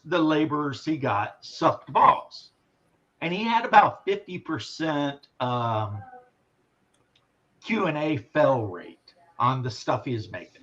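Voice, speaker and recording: A man's voice: medium pitch, fairly bright tone. A man in casual chat, telling rambling, wry family anecdotes. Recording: dull lo-fi sound.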